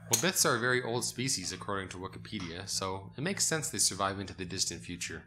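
A man's voice: deep voice, animated, fast talker, background noise. A man co-hosting a casual chat over a card game, with laid-back, dry, joking remarks. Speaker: podcast co-host.

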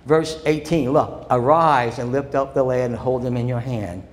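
Impassioned preacher in a reverberant church. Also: male voice, mid-range voice, moderate pace. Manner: impassioned preaching that swings from loud declarations to quiet storytelling. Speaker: pastor. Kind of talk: sermon. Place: church sanctuary. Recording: long church reverb with faint background noise.

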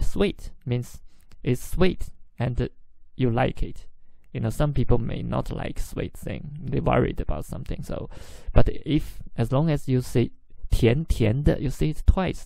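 Male podcast teacher, unhurried, patient explainer, dark mellow tone. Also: mid-range voice, gravelly, dry recording. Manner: explains words slowly, mixing in example phrases. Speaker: Chinese language teacher. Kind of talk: podcast language lesson; reading a diary aloud.

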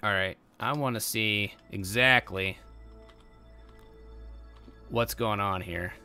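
Young guy doing lets-play commentary, super bright clear voice, gets hyped and yells stuff. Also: fairly low pitch, slow, soft background music. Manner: excitable, bursts into loud exclamations. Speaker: gameplay commentator. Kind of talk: casual let's-play commentary.

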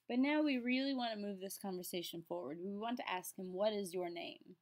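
A woman's voice: medium pitch, a little mellow. Upbeat woman teaching French. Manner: patient, slows down to enunciate French words. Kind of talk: classroom lesson explanation.

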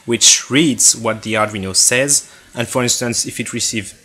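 A man's voice: medium pitch, normal speed, bright, forceful tone, breathy edge. A man with a French accent narrating a step-by-step tutorial on his own hobby electronics project, in a plain explanatory way.

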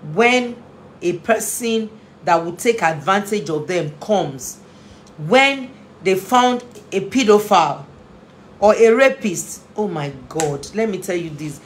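A woman who is a family therapist and inspirational speaker gives an impassioned talk on parenting in a mid-range, lively voice at a slow pace. She sounds earnest, emotional, and pleading, often repeating phrases for emphasis, with slight background noise.

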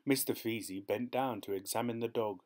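A man narrating a short story as an audiobook in a steady, measured way. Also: on the low side.

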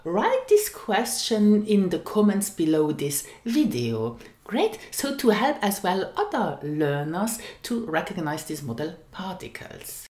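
A woman teaching a language lesson, speaking slowly and carefully and repeating each example phrase. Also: fairly low pitch, a little mellow, echoey room.

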